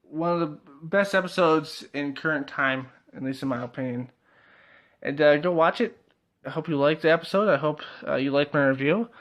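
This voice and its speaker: A man's voice: on the high side, moderate pace, a bit bright. A young man casually reviewing a TV episode, laughing often, swearing freely and filling his talk with "like" and "uh".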